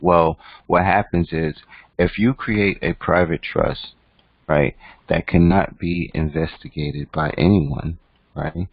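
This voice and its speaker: A man's voice: low-pitched, fairly even intonation, slow, breathy edge, dry recording. A man teaching an online class in a conversational lecture style, often checking in with "right?". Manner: conversational, keeps asking "right?". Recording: dull, dry lo-fi audio.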